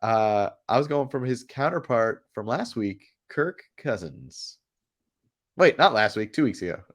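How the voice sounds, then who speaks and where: A man co-hosting a casual podcast, animated and quick to laugh. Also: medium pitch. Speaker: podcast co-host. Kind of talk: casual chat.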